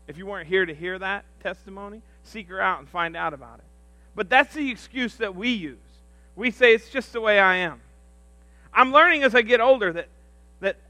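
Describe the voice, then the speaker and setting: A man on a church's staff giving a humorous sermon, telling self-deprecating stories in an animated, jokey way. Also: high-pitched, dry recording. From rural upbringing.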